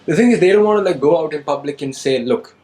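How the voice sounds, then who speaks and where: A man in his twenties in a casual conversation, adding quick, eager comments and his own points. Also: on the high side, a little mellow. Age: 20s. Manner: quick back-and-forth, eager interjections.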